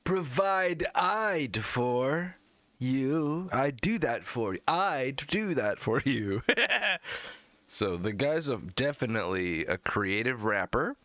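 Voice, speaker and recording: A man's voice: animated, takes it slowly, a bit bright, no echo. An American man hosting a live music review stream, drinking beer and mocking a rapper with profane, jumpy commentary. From United States. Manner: mocking, jumps into high squeaky outbursts.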